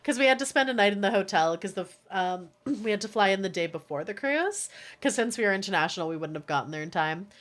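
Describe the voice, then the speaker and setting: A woman's voice: mid-range voice, animated, fast. A woman streamer telling a story in a casual, exasperated, profane way.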